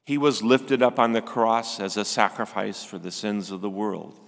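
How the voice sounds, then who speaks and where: An older man delivering a gentle, reflective Sunday sermon as a preacher. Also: fairly low pitch, steady tone, moderate pace, creaky, big-room sound.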